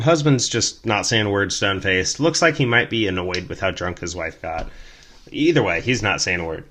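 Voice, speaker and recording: A young man hosting a storytelling podcast, telling a tale in a chatty, animated way with many fillers. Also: low-pitched, moderate pace. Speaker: podcast host, rideshare driver.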